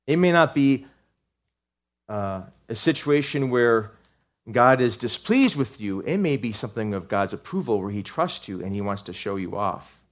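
A man's voice: medium pitch, animated, normal speed. Male pastor, sermon delivery, conversational with restarts, rising to fervent peaks. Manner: earnest, rising to fervent outbursts; conversational, with restarts and asides to the congregation.

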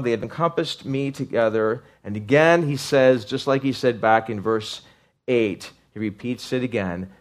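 A man's voice: medium pitch, animated, normal speed. A man preaching a sermon to a congregation, talking in an earnest, conversational way with restarts and asides, then rising into fervent outbursts as he reads scripture aloud. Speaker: pastor.

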